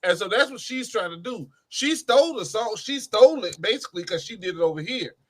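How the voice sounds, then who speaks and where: High, bright-voiced man arguing casually. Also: animated, a little fast. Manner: argues with everyday examples, emphatic. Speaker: co-host. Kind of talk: casual chat.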